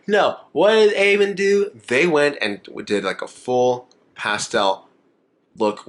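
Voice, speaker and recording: Speaking to camera in a casual makeup vlog, this young man has a medium-pitched, slightly bright voice. He rambles, turns emotional and laughs a lot.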